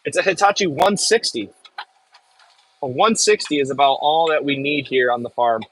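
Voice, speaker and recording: Speaking at a moderate pace with a fairly high, bright voice, this Midwestern man runs a casual live stream from an excavator where he works on a farm. He reads out viewer comments and tosses in jokes, and the recording quality is low.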